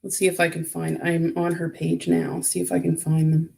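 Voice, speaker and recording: A woman's voice: sits low, completely flat delivery, normal speed, gravelly, darkish tone. A woman chatting casually on a livestream, reading out and answering viewer comments, getting emotional and close to tears. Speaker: vlogger.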